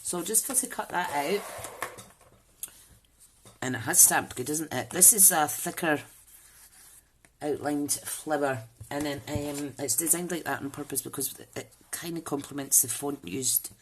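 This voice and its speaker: A woman's voice: deep voice, measured pace, a little hiss or hum. A woman hosting a live crafting demo, chatting and thinking aloud as she works and greeting viewers by name. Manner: chatty, rambling, thinks aloud while working. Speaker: crafting channel host.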